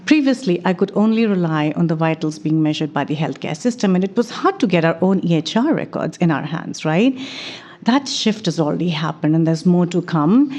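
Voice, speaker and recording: A woman guest in an interview, telling work stories in a measured, reflective way. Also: on the low side, animated, darkish tone. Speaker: guest, venture investor. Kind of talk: conversational interview.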